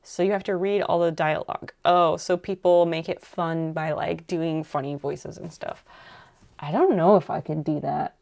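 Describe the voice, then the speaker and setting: A young woman chats casually on a craft stream, thinking aloud in a soft, rambling way. Her voice sits on the low side with a gravelly, fry-laced edge. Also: fairly even intonation, normal speed. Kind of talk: casual chat while crafting.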